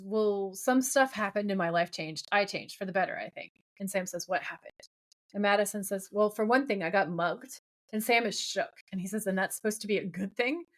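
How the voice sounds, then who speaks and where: A woman co-hosting a podcast, recapping a TV episode in casual chat and acting out the characters' lines as she goes. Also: mid-range voice. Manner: animated retelling, quoting the characters' lines. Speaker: podcast co-host.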